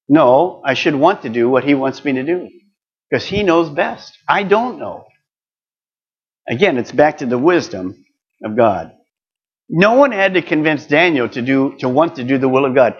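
A man's voice: medium pitch, expressive, normal speed, dull audio. An older man preaching a sermon, earnest and building to emphatic exhortation.

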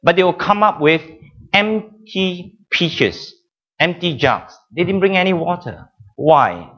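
A man preaching a sermon with emphatic, drawn-out phrasing, dramatic pauses and frequent repetitions. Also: sits high, lively intonation, fairly bright tone, dull audio.

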